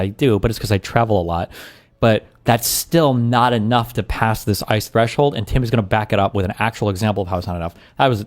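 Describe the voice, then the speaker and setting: Fast-talking lowish-voiced male streamer. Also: darkish tone. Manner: blunt, profane, thinks aloud. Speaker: streamer reacting to a debate video. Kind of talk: casual reaction commentary.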